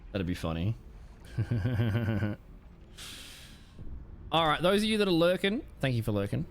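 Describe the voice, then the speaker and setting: A man's voice: mid-range voice, very animated, measured pace, slight background noise. A man chatting casually on a live stream, rambling with lots of ums and swearing. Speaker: Twitch streamer.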